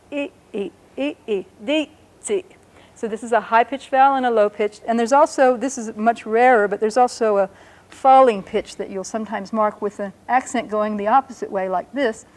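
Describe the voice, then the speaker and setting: A woman teaching a language patiently explains the material and carefully, slowly pronounces words. Her voice is fairly high and a little mellow.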